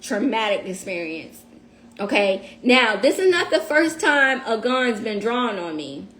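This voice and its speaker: A woman telling a story on a casual livestream. She is animated and profane, and talks straight to her viewers. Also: a little high, unhurried.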